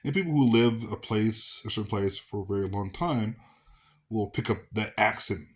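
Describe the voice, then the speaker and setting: A man's voice: fairly low pitch, normal speed. A man from the American South talking casually to camera as a vlogger, rambling with fillers and restarts. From Southern United States.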